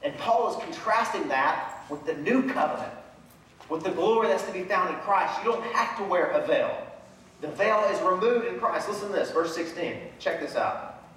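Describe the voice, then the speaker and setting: A man with a fairly high voice preaches a lively sermon, dropping into dramatic voices as he retells Bible scenes. He is heard from a distance in a very echoey church hall, with a faint hum of room ambience behind him. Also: normal speed. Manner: animated preaching, acts out voices of Bible figures. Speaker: pastor. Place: large church sanctuary.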